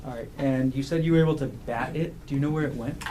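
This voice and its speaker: A man questioning a witness in a courtroom, asking measured, formal questions. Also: medium pitch, background noise. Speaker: prosecutor.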